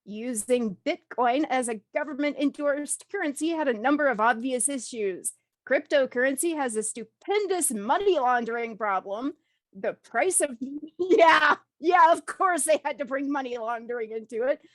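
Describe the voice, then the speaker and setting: A woman co-hosting a podcast, reading an article aloud and breaking off with blunt, laughing asides. Her voice sits high. The sound is dry and close. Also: animated, normal speed, dry recording. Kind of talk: casual chat, reading an article.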